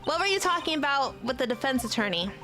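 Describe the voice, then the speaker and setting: A woman's voice: sits high, sing-song, fast talker, bright, forceful tone, soft background music, heavily acted. A woman voicing a determined young male defense lawyer in a video game. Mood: earnest.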